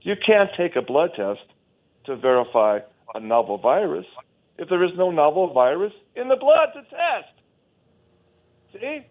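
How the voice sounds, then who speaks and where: A man's voice: on the high side, very animated, a little slow, pauses often. A man talking emphatically and scornfully as a guest on a talk show, often restarting his sentences, heard over a phone line.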